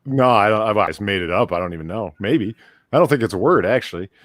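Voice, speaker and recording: A man joining a livestream as a guest, trading wry, deadpan jokes in casual chat. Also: on the low side, fast, dry recording, studio quality. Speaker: stream guest.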